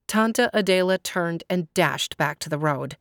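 Woman storyteller, low voice, clear measured reading, dry close sound. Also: expressive, fairly bright tone, dry recording. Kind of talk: storybook narration.

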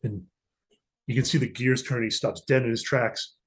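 A middle-aged diplomatic security agent appears as a podcast guest, his voice husky and mid-range with a moderate pace. In this casual storytelling interview, he narrates animatedly and performs the quoted dialogue of the people in his stories.

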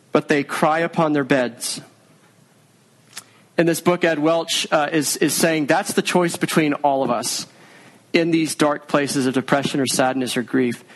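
An earnest male pastor preaching in a conversational, unhurried way. His voice sits a little high for a man. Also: rough recording. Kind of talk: sermon.

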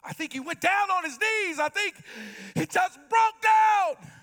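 A male pastor with a very high voice, in no hurry, preaches an impassioned sermon, shouting and calling out to his congregation.

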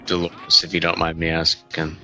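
A man's voice: very deep voice, monotone, normal speed, sharp tone, highs cut off, soft background music. A man co-hosting over an online call, casual and swearing. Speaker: co-host. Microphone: computer mic over an online call.

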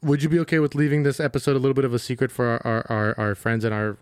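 A man co-hosting a casual movie review podcast, talking quickly and jokily, acting out lines from the film. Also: mid-range voice, flat delivery, clear, resonant tone, no echo, clean studio sound. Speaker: podcast co-host.

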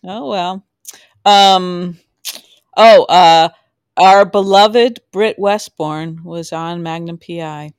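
Give me a relaxed, rambling podcast co-host with a smooth, clear voice recorded close and dry. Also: medium pitch, slow, no echo. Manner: relaxed, rambling, frequent fillers and laughter. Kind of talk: casual chat about a soap opera. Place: home, Maine.

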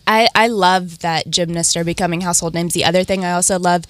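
A woman's voice: lowish voice, fairly even intonation, quick pace, fairly bright tone, no echo. A woman in her twenties from West Virginia, a retired gymnast who is a guest on a morning radio show, answering in an upbeat, polished way. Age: 20s. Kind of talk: radio interview.

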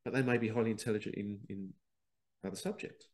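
Animated man, chatty monologue. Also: lowish voice, fast. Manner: animated, self-laughing, quotes others in dialogue. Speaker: podcast host. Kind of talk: casual monologue.

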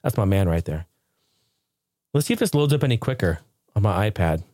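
A man's voice: lowish voice, brisk, dry recording. A man hosting his own podcast, chatting casually and telling stories with frequent laughs. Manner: animated storyteller, laughs often. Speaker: podcast host.

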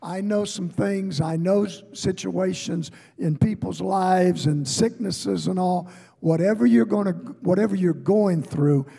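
A slow, high-pitched male preacher delivers a sermon with a gravelly, husky edge. He climbs into shouted peaks, then sinks to near-whispered asides. His voice rings with the long reverb of a large hall. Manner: swings from shouted high rises to hushed low asides. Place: church before a congregation.

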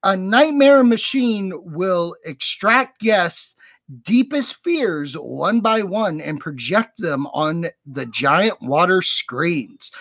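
A woman co-hosting a podcast, reading out show news and adding excited comments. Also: medium pitch, dry recording. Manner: reads announcements then adds excited comments. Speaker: podcast co-host. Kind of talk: casual chat and reading news.

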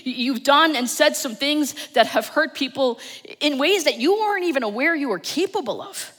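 A woman with a New Jersey accent preaching a Sunday sermon, telling the story with dramatic swings from loud to hushed. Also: fairly high pitch. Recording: long church reverb.

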